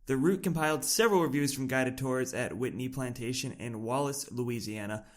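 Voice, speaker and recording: A man's voice: mid-range voice, normal speed. A man co-hosting a travel podcast from a small apartment kitchen, talking casually with dry, wry humor. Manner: wry, dry humor with self-aware asides. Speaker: podcast co-host. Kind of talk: conversational podcast talk.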